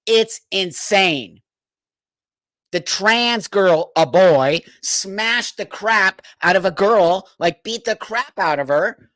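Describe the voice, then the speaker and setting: A man's voice: high-pitched, animated, slow pace, a bit bright, no room sound. Exasperated man ranting on a live stream. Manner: exasperated ranting, swears, laughs in disbelief. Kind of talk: casual live stream commentary.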